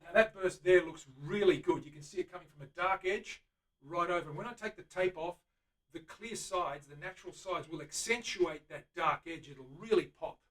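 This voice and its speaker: A man's voice: high-pitched, moderate pace, fairly bright tone, distant mic. A middle-aged man with an Australian accent, hosting a live-streamed workshop demonstration and chatting eagerly to viewers while he works. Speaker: luthier host. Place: guitar workshop. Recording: voice from away from the mic.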